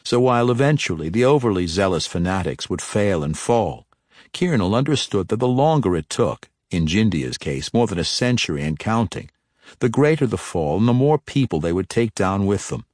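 Deep-voiced man narrating a fantasy novel. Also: no room sound, studio quality. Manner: steady, measured storytelling. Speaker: audiobook narrator.

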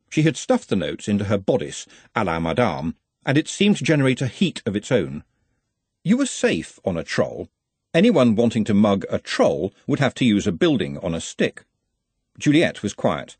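A man narrating a comic fantasy audiobook with a very animated, swooping delivery. His voice has a husky grain, and the recording is close and dry. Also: lowish voice, no echo. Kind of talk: scripted narration.

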